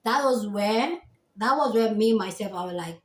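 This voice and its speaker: A woman with a Nigerian accent, hosting a reaction video and calmly explaining her view in casual commentary. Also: mid-range voice, moderate pace, roomy sound. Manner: calm, explanatory, thinking aloud.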